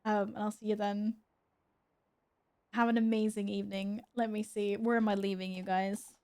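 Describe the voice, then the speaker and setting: A woman's voice: medium pitch, level tone, normal speed, a little mellow. A young woman chatting casually with her viewers while gaming at home, giggling and talking to her cat. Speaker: streamer. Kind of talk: casual gaming stream chat.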